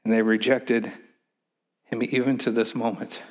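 A man's voice: mid-range voice, little pitch movement, unhurried. Emphatic male preacher, dynamic delivery. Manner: emphatic preaching, swinging from loud to hushed. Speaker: pastor. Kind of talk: sermon.

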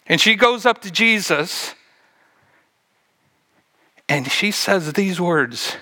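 A male pastor preaching a sermon, acting out Bible scenes with lively shifts and dropping to a hush for emphasis. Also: high-pitched, takes it slowly.

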